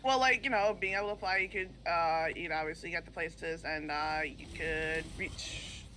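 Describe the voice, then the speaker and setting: A woman's voice: on the low side, fairly even intonation, normal speed, bright, forceful tone, a little hiss or hum. A woman co-hosting a live stream, chatting playfully and laughing often. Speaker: co-host and channel editor. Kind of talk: casual live-stream chat.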